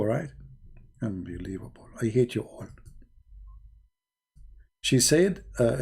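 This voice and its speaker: A man's voice: medium pitch, creaky, mellow, husky. A middle-aged man giving a sarcastic, theatrical live-stream monologue in broken English, mocking as an online religious debater.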